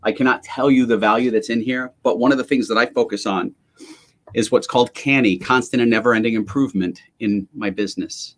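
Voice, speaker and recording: A man hosting a motivational live stream, talking emphatically in an energetic, ranting way. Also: mid-range voice, fairly quick. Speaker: livestream host. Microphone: webcam or computer mic on a live stream.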